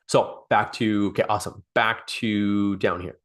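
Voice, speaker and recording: A man's voice: lowish voice, steady tone, normal speed, fairly bright tone. A man coaching a small group on sales over a call, talking off the cuff, repeating and restarting phrases and acting out sample dialogue. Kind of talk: live online coaching session.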